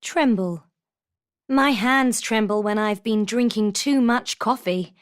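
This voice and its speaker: Slow, higher-voiced woman reader. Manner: slow, clear, deliberate reading. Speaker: textbook audio reader. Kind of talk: scripted vocabulary reading.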